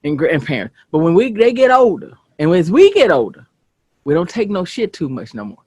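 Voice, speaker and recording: A host from the American South, chatting casually, telling stories bluntly and swearing freely. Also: female voice, on the low side, fairly quick, breathy edge, no echo. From Southern United States. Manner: animated, blunt, swears freely, asks "you get what I'm saying". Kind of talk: casual storytelling chat. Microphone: streaming setup.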